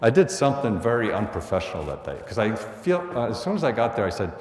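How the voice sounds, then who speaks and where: A middle-aged man with a New York accent tells his story bluntly, like he's talking to a room of students. His voice sits a little low and carries the long ring of a big hall, as if the mic is set some way off from him. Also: sing-song, fairly quick, hardly any pauses. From the Bronx, New York. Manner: blunt, conversational, acts out quoted orders. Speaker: police lieutenant speaking to students. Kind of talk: storytelling talk to an audience. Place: school hall. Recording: echoey hall, from a distance.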